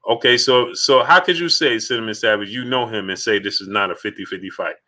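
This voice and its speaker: Bright-voiced man hosting a live sports stream. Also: on the low side, fairly quick. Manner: emphatic, repeats points, greets chat by name. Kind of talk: casual live-stream chat.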